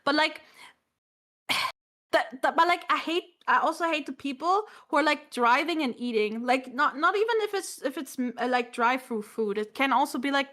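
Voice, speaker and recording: A woman's voice: high-pitched, pushed and bright. A young woman hosting a casual podcast chat, swearing freely, laughing often and restarting her sentences. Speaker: podcast host.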